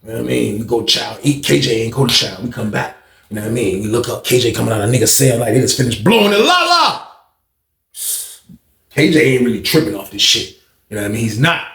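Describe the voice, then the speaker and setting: A man telling a story in a casual monologue, slangy and animated, often checking in with his listeners. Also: mid-range voice, quick pace, gravelly, reverberant. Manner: slangy, animated, repeats "you know what I mean".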